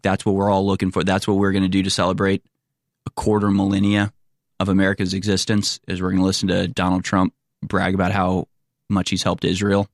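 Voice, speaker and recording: A man's voice: low voice, no echo, studio quality. A man hosting a political commentary show, talking in a sarcastic, exasperated way.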